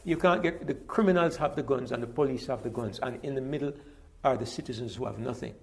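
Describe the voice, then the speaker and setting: A man's voice: medium pitch, fast, creaky. A middle-aged man from Jamaica, talking in a conversational monologue, emphatic and repeating words as he builds a point. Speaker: interviewee.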